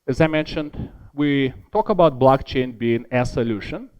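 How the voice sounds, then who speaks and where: A man delivering a conference keynote in an ordinary mid-range voice. He talks in a lively way, repeats words to drive a point home, and drops in wry, self-deprecating jokes. The tone stays that of an academic lecture. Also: medium pitch, moderate pace, clear, resonant tone, dull audio. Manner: lively, self-deprecating asides, emphatic repetition. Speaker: keynote speaker.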